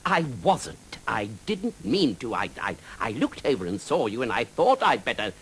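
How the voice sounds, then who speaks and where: A man's voice: mid-range voice, wildly swooping pitch, moderate pace, fairly bright tone, a little hiss or hum. A man doing a flustered cowardly knight. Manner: flustered, stammering, fussy. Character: cowardly flustered male knight, middle-aged. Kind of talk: children's storybook reading.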